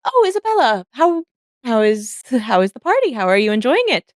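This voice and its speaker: A gushing society lady, as a woman puts her on in a tabletop role-play, her voice jumping up high with bubbly delight. She speaks in dry, close sound with no room around her. Her manner is effusive and fussing. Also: sing-song, normal speed, no echo. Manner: gushing, breathy high exclamations. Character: bubbly upper-class lady painter, gushing.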